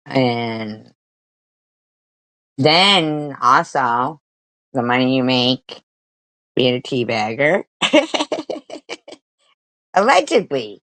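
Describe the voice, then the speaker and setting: A woman's voice: extremely low pitch, drawn-out words, long pauses, fairly bright tone, no echo. A woman streamer giving mocking reaction commentary, crude and profane, laughing at her own jokes.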